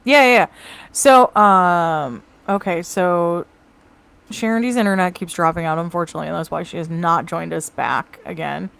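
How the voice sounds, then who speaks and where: A woman co-hosting a live show over a home mic, chatting casually and reading out viewer comments with quick asides. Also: fairly low pitch, vocal fry, fairly bright tone. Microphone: home mic on a video call.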